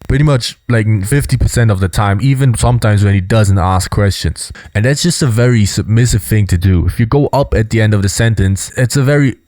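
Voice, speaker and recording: Low-voiced man breaking down body language. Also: brisk, few pauses, darkish tone, dry recording, clean studio sound. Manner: explains with frequent "you know" and "right?". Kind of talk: casual explanatory commentary.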